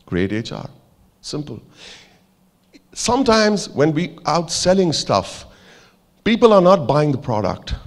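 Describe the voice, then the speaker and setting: A man's voice: lowish voice, big-room sound. A man with an Indian English accent giving a motivational keynote speech, telling a story and acting out its characters. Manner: animated storyteller, acts out characters, jokes with the audience. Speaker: keynote speaker.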